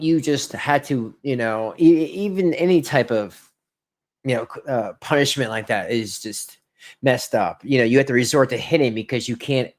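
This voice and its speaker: A man hosting a casual reaction video, animated and incredulous, laughing often as he mocks what he watches. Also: medium pitch. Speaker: reaction commentary host.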